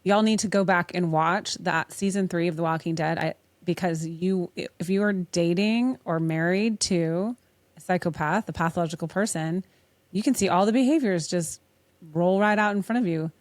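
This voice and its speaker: A woman with a lowish voice hosts a podcast at a normal pace, recorded dry. She chats casually in an interview style, swearing freely and laughing a lot.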